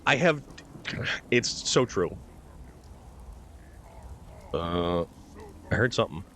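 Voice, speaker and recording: A man's voice: sits low, expressive, slow pace, fairly bright tone, a little hiss or hum. A man from New Hampshire streaming a game live, chatting casually with viewers and calling them dude. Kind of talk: live gameplay commentary and chat reading.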